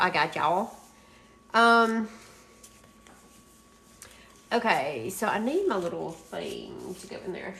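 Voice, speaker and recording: Woman, mid pitch, rambling live-stream crafter who laughs a lot, faint noise behind. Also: fairly bright tone. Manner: rambling, chatty, often laughing. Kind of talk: casual live stream chat.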